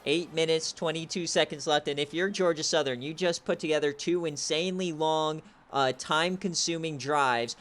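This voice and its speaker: A young man giving play-by-play commentary on a video game football stream, excitable and shouting on big plays. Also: fairly high pitch, normal speed, few pauses. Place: home setup, streaming.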